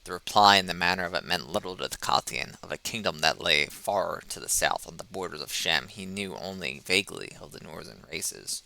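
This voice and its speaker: A man narrating an adventure story audiobook in a steady, descriptive reading. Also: low voice, a little fast, vocal fry, hardly any pauses, no room sound, rough recording. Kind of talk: scripted narration.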